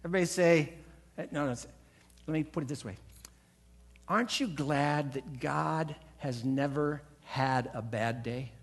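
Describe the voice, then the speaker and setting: A man's voice: a little high, a little slow. A man preaching a sermon as a pastor, emphatic, acting out quoted voices and leading the congregation in call-and-response. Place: church sanctuary.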